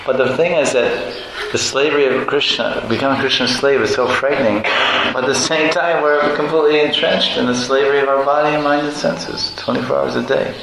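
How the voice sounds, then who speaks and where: A man giving a devotional lecture as a spiritual teacher, animated and playful, often laughing and acting out voices. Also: mid-range voice, fairly quick, gravelly. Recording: echoey room with background noise.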